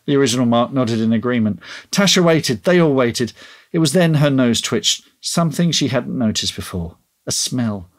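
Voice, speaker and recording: Man narrating at a steady mid pitch. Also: moderate pace. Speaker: podcast co-host and story reader. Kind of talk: audiobook-style narration.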